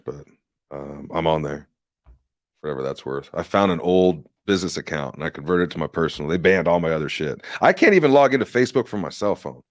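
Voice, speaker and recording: A man's voice: rumbling low, no room sound, studio quality. A man hosting a livestream, ranting in a rambling, profane and sarcastic casual way. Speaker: livestream host and candidate.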